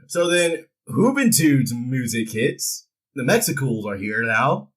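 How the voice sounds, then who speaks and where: A man's voice: mid-range voice, sing-song, slow pace, a bit bright, poor audio. A man recapping a wrestling show in a casual, irreverent way, joking and swearing freely as he goes.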